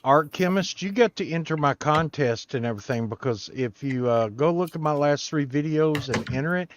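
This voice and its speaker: A man's voice: fairly high pitch, expressive, normal speed, noisy background. A man chatting casually on a comics stream in a laid-back way, talking up his contest.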